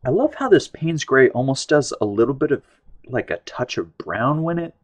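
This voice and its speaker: A man's voice: medium pitch, big pitch swings, normal speed. A man in his thirties from the United States, chatting casually and rambling on a live art stream while he paints. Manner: rambling, chatty, often trails off and restarts. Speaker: livestream art host.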